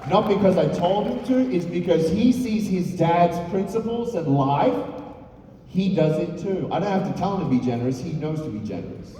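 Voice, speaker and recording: A male motivational speaker with a high voice talks at normal speed from a stage in a large hall. Animated and storytelling, he fills his speech to a live audience with rhetorical questions; recorded from a distance, it sounds echoey with slight background noise.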